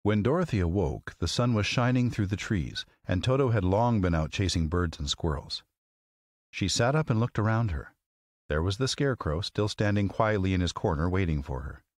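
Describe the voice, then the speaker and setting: Deep-voiced man reading an audiobook. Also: no room sound, studio quality. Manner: expressive, measured reading. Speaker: narrator. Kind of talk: audiobook storytelling.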